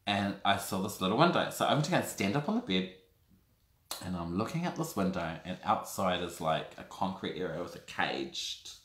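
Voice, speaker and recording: Camp, animated New man, echoey room. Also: sits low, moderate pace. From New Zealand. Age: 30s. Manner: animated, camp and theatrical, calls the audience girl and darlings. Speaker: vlogger. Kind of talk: casual storytelling to camera.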